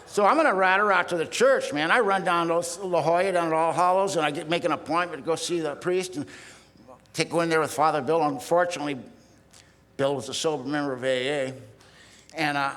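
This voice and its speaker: Speaking a little high and fairly quickly, with fairly even intonation and a fairly bright tone, this man in his sixties from Southern California tells his recovery story at a meeting. He stands at a podium and talks bluntly, in a streetwise, self-deprecating way; the archival recording comes from a large hall with a long reverb.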